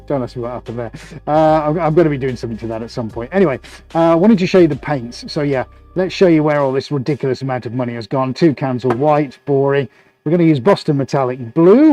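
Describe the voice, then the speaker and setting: A man's voice: a little high, brisk, dark tone, faint music behind. A man hosting a live painting stream, chatting and joking as he works in his studio. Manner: chatty, jokey, laughs often while working. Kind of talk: casual live-stream commentary. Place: art studio, indoors.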